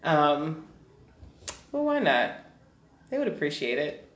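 A woman co-hosting a casual chat, animated, often laughing and trailing off mid-sentence. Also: deep voice, slow pace. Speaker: podcast co-host. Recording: roomy echo.

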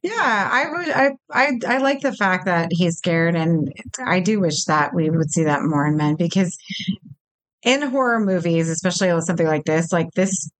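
A woman co-hosting a casual podcast chat about movies, chatty, full of fillers, quick to laugh and swear. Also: on the low side, lively intonation. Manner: chatty, lots of likes, swears and laughs easily. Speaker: podcast co-host.

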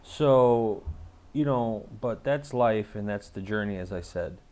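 A man's voice: lowish voice, slow, a little mellow. A man casually telling a story to camera, rambling with lots of fillers and swearing.

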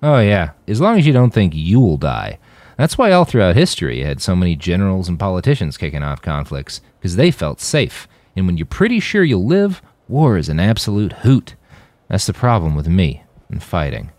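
A man's voice: low voice, huge pitch swings, moderate pace, no echo, pitched above the performer's own voice. A man doing a rowdy, stoned chrome posthuman. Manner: loud, swaggering and profane.

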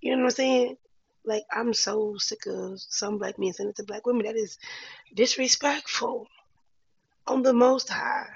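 A woman's voice: a little high, steady tone, a little slow, gravelly, husky, muffled recording. A woman talking candidly to her viewers in a casual vlog, encouraging and full of slang. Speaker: vlogger. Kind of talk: casual heartfelt talk to camera.

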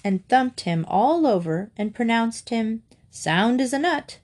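A woman reading a children's chapter book aloud, narrating in a gentle, even way. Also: on the high side, a little slow. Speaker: storyteller.

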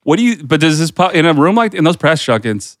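A man's voice: fairly high pitch, big pitch swings, quick pace. A man hosting a pop culture podcast, chatting casually with loose, profane phrasing and plenty of fillers. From United States. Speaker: podcast host.

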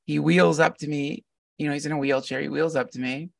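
Gravelly man telling an earnest story. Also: fairly high pitch, fairly quick, dry recording, distant mic. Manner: earnest, animated storytelling with frequent laughter. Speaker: podcast guest. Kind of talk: casual storytelling conversation.

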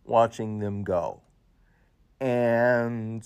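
A man hosting his show, giving an emotional personal tribute, halting with many fillers and restarts, his voice rising as he gets choked up. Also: fairly low pitch, darkish tone. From United States. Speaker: show host.

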